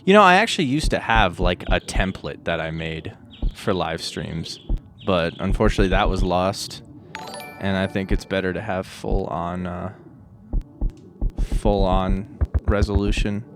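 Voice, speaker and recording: A man's voice: deep voice, a little slow, background noise. A man chatting casually with viewers on a live stream, rambling and self-deprecating. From United States.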